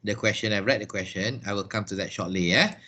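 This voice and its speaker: A man teaching an online lesson over a video call. He talks slowly, checks in with "yeah?" and "right?", and often repeats and restarts words. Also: on the low side, pushed and bright. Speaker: English teacher.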